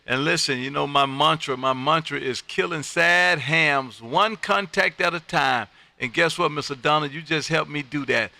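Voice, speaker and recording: A man from Texas, hosting a live-streamed ham radio session and working contacts in a loud, upbeat, friendly way. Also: on the high side, normal speed, creaky, few pauses, no echo. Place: home radio room.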